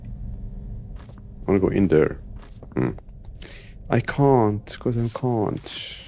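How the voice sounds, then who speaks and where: Low slow streamer, bouncy pitch, jokes around while playing. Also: lively intonation, warm tone. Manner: joking, talks to himself and the game. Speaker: gaming streamer. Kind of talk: casual gameplay commentary.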